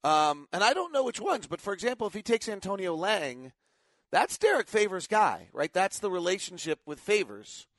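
A man's voice: sits high, big pitch swings, moderate pace, fairly bright tone, no echo. A middle-aged man hosting a casual sports talk show, a rambling storyteller who keeps correcting himself, tired after little sleep.

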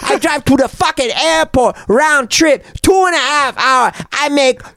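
A man's voice: extremely high pitch, unhurried, creaky, bright, forceful tone, dry recording, voice pushed up, exaggerated voice. A man voicing a fed-up male rideshare driver with a Korean accent who rants and repeats himself. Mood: griping. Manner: ranting, repetitive, swearing.

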